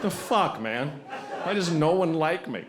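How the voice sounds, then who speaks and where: A male stand-up comic working a live room, his voice sitting a little high for a man. He bounces into character voices as he tells his stories, and steady crowd noise runs under every line. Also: a little slow. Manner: animated, shifts into acted character voices. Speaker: stand-up comedian. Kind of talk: stand-up comedy set. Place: comedy club before a live audience.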